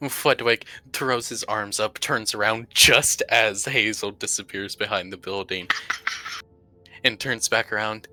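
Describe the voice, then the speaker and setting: Player, man, bright, animated, dry close mic with faint music. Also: fairly low pitch, unhurried, dry recording. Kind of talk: playing a tabletop game.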